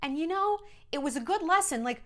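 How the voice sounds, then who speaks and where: A woman and former entertainment journalist giving a blunt, animated gossip monologue, often slipping into mocking voices. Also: high-pitched, a little fast. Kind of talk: casual celebrity gossip monologue.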